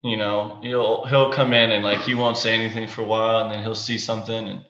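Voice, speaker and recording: A man casually recalling a former teammate, relaxed and rambling. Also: fairly low pitch, brisk, a little hiss or hum. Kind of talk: casual anecdote. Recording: echoey, dull recording.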